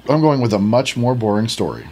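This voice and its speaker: A man's voice: mid-range voice, sing-song, fairly quick, dark tone, breathy edge. A man co-hosting a casual podcast, rambling and joking at his own expense. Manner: rambling, self-deprecating, many restarts. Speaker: podcast co-host.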